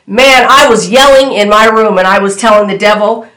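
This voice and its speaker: A woman's voice: mid-range voice, normal speed, a bit bright. A woman delivering a prophetic word to her viewers, fervent and repetitive, speaking directly to them with bold declarations. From United States. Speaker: prophetic minister. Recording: echoey room.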